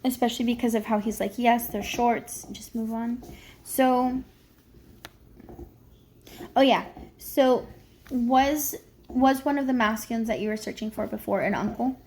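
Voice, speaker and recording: A woman's voice: on the high side, moderate pace, long pauses, a little mellow, slight background noise. A woman psychic medium giving a casual, rambling spirit reading on camera, full of fillers. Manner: chatty, rambling, many fillers.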